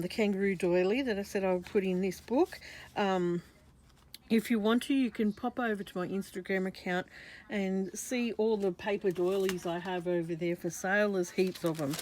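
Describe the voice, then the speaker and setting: A woman's voice: medium pitch, darkish tone, a little hiss or hum. A woman with an Australian accent, chatting casually through a craft journal flip-through, meandering and often correcting herself. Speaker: craft vlogger.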